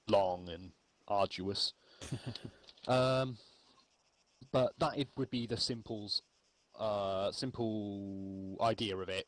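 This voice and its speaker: A man explaining radio procedure in a relaxed, rambling spoken lesson, with frequent ums. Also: on the low side, low-quality recording. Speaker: milsim infantry instructor.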